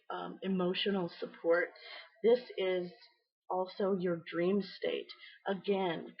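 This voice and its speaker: A middle-aged woman giving a casual, rambling tarot reading, full of fillers and small laughs. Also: fairly low pitch. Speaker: tarot reader. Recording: slightly dull lo-fi audio.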